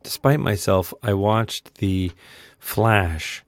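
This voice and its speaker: A man co-hosting a movie podcast, rambling and conversational, talking slowly. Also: on the low side, no room sound. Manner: talks slowly in a put-on accent. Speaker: podcast co-host. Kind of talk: casual movie chat.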